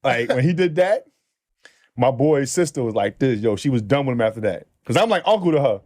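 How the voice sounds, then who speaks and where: A middle-aged man from New City, telling animated stories in casual chat and acting out other people's lines with lots of laughter. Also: medium pitch, fairly quick, no room sound, clean studio sound. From New York City. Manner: animated storyteller acting out quotes, laughs often. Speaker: podcast guest.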